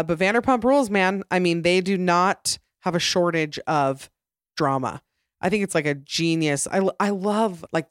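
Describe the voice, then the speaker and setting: A woman's voice: deep voice, no echo, studio quality. A young adult woman hosting her own podcast, talking in a chatty, rambling way with lots of "like" and restarts. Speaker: podcast host. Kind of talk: casual solo podcast chat.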